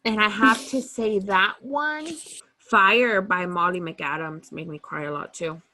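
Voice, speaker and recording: A woman's voice: medium pitch, measured pace. A woman co-hosting a podcast, chatting casually and emotionally about books that moved her. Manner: gushing, emotional, animated storytelling. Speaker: podcast co-host. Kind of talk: casual book chat.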